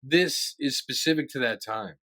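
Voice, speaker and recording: A man's voice: medium pitch, moderate pace, sharp tone. A man co-hosting a film podcast in casual chat, agreeable and often restarting his sentences. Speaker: podcast co-host.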